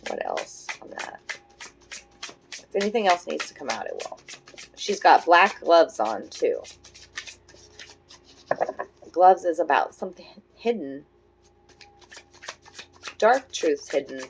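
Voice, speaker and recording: A woman in her forties giving a casual tarot reading, thinking aloud in a soft, musing way with frequent fillers. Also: low voice, huge pitch swings, unhurried, creaky, long pauses, a little hiss or hum, poor audio. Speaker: tarot reader.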